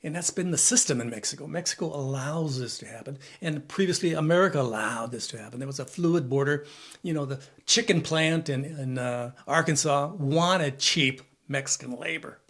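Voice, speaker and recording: A man's voice: fairly high pitch, moderate pace, a bit bright. A man in his seventies giving a rambling, repetitive opinion monologue, listing things and asking himself questions. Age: 70s. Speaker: vlogger. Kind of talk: casual spoken opinion monologue.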